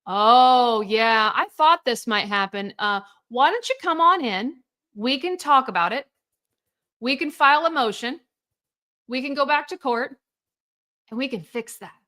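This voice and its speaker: A man's voice: extremely high pitch, expressive, a little slow, bright, forceful tone, exaggerated voice. A woman quoting a male divorce attorney in a casual, accommodating way. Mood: breezy.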